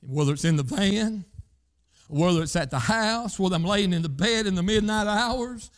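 High-voiced fervent preacher man. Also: normal speed. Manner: fervent, repeated "hey" interjections, swings between loud shouts and low quiet lines. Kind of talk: sermon.

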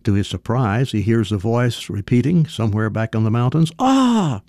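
A man's voice: on the low side, fairly quick, vocal fry, warm tone, no room sound, clean studio sound. A man giving a folksy radio commentary, telling a parable and acting out its voices. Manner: folksy storyteller, acts out quotes.

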